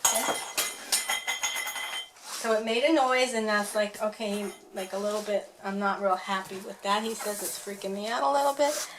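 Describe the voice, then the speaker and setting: With noise in the background, a woman speaks at medium pitch as she works with her dog indoors. She chats casually to the camera, addresses the dog, and puts words to his thoughts.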